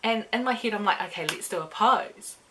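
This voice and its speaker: A young woman gushes through a storytime vlog in her bedroom, her voice sitting at an ordinary middle pitch. She talks excitedly, giggling and now and then dropping to a whisper. A faint hiss sits under the recording. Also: fairly quick. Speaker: vlogger.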